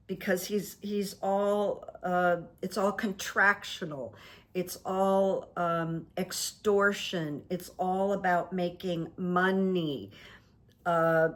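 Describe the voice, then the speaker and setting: A woman's voice: fairly low pitch, steady tone, slow. A woman hosting a solo talk show, reading runes and telling stories in a meandering way, with many fillers and restarts. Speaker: host and rune reader. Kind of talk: casual monologue.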